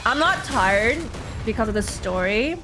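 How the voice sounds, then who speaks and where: A woman's voice: a little high, expressive, measured pace, over music. A tired young woman streaming, giving chatty, rambling reaction commentary on a game. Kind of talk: casual gaming reaction commentary.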